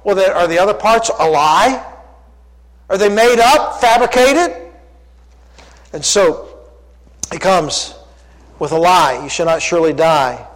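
A man's voice: high-pitched, animated, takes it slowly, pauses often. A man preaching a sermon, emphatic and full of rhetorical questions, in a church sanctuary. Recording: long hall reverb.

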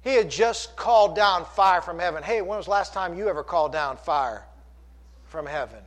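A man preaching a sermon, animated, asking rhetorical questions and acting out the quoted speech of the story. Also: high-pitched, normal speed.

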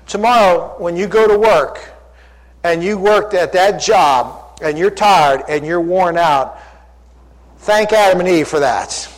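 A man's voice: sits high, takes it slowly. A man preaching a sermon, emphatic and full of rhetorical questions, in a church sanctuary. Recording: long hall reverb.

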